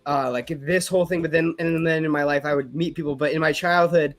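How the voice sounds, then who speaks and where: A man's voice: on the high side, steady tone, fast talker. A man in his twenties talking earnestly on a podcast, hesitating with many likes. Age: 20s. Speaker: podcast guest. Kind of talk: live podcast chat.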